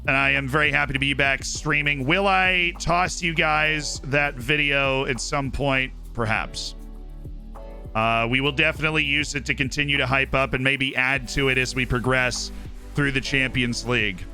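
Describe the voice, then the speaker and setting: A man's voice: medium pitch, steady tone, normal speed, vocal fry, bright, forceful tone, faint music behind. A man streamer giving casual, upbeat commentary on his game and thanking viewers by name. He is tired and his voice is starting to go.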